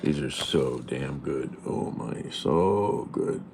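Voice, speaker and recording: Slow, deep-voiced man chatting on a live stream. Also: expressive, gravelly, a little mellow, a little hiss or hum. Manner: rambling, blunt, talks back to comments. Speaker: livestreamer reading chat. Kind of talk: casual live-stream chat. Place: at home.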